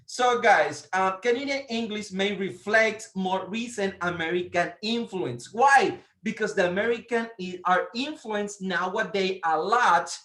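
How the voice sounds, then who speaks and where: Male presenter teaching a language lesson: slow, bright-voiced, halting with fillers, roomy echo. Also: high-pitched. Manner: hesitant, many fillers and self-corrections. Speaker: presenter teaching about English pronunciation. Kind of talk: explanatory lesson.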